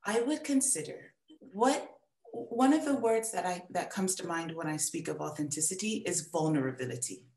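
Gentle woman teaching on a video call. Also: lowish voice, moderate pace, echoey room. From United States. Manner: gentle, encouraging, thoughtful. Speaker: writing workshop teacher. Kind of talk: giving feedback in a workshop.

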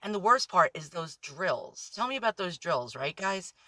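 A woman vlogging on her phone from inside a parked car, rambling anxiously, swearing a lot and talking loudly when nervous. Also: on the low side, sing-song, normal speed, no echo. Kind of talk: nervous selfie vlog.

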